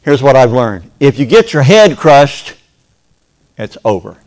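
A man with a drawl preaches with a folksy, joking ease. His voice sits at an ordinary middle pitch. He acts out little voices and sounds along the way and calls on the congregation for an amen. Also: sing-song, measured pace, darkish tone. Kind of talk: sermon.

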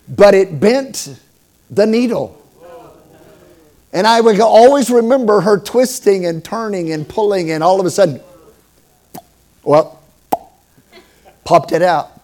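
A middle-aged man preaches a sermon in a high, light voice. He tells stories with humor and leans hard on certain words, rising loud and then dropping low. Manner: storytelling with humor, emphatic swings in loudness. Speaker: pastor.

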